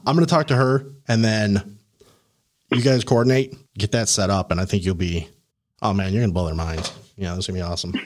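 A man hosting a podcast, coaching a guest in a casual, animated way, laughing and acting out the people he quotes. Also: fairly low pitch, brisk. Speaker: podcast host and career coach.

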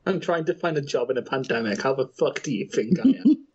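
A man's voice: mid-range voice, animated, brisk, slight background noise. A man co-hosting a casual podcast, sardonic and sweary as he tells a grumbling story. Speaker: podcast co-host. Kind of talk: casual chat. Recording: dull lo-fi sound.

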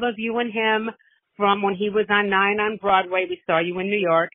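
A middle-aged woman leaves a long, chatty voice message as a listener calling in, gushing and rambling. Her voice is medium-pitched and level at a moderate pace, with no room sound, coming through a phone on a tinny line.

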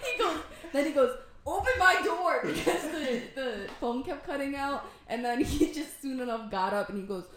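A giggly young woman teases her friends in a casual podcast chat. Her voice sits a little high, and it rings in an echoey room over a faint background hiss. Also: animated, moderate pace, few pauses. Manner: giggly, teasing. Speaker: podcast co-host.

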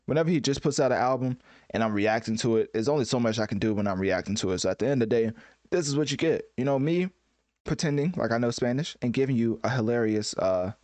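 A man's voice: mid-range voice, expressive, fast, darkish tone, no echo. A man giving casual, joking reaction commentary on a music album, self-mocking and full of fillers like "right?" and "you know.".

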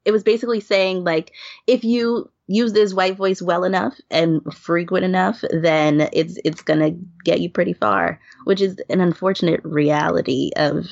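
A woman's voice: fairly low pitch, fairly even intonation, normal speed, creaky, darkish tone, dry recording. A woman from New York, a podcast guest talking casually, laughing often and restarting her sentences. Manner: laughs often, talks with many fillers and restarts. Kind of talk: casual chat. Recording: dull lo-fi sound.

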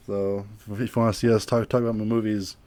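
A young man co-hosting a casual film review podcast, talking haltingly with many stammers and repeated words. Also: lowish voice, level tone, warm tone, dry recording. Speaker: podcast co-host.

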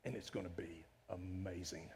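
A middle-aged man preaching a sermon in a conversational, animated way, full of rhetorical questions. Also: low-pitched, moderate pace, heavy background noise. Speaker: pastor.

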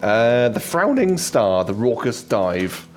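A man narrating a tabletop game as game master, relaxed and rambling. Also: medium pitch, slow pace, soft background music. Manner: relaxed, rambling, many fillers.

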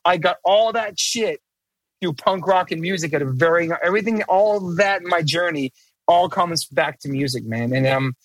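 A man's voice: fairly high pitch, normal speed, no room sound. A middle-aged man talking as a podcast guest in casual chat, emphatic, profane and rambling, restarting his sentences.

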